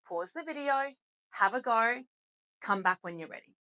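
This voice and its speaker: A woman's voice: a little high, expressive, moderate pace, pushed and bright, low-quality recording. A woman teaching English in a spoken lesson, patient and encouraging as she explains things step by step.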